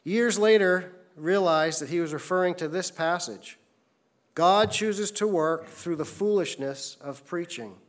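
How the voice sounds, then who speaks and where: A male pastor delivering a sermon with a slightly higher-than-usual voice. He speaks earnestly and tells anecdotes, acting out the people in them. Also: a little slow. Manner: earnest storytelling preacher, voices characters in anecdotes.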